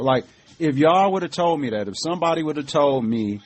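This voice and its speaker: A man's voice: medium pitch, expressive, fairly quick. A middle-aged man hosting a podcast, giving casual political commentary in an emphatic, profane, conversational way, with many fillers like "you know what I mean". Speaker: podcast host.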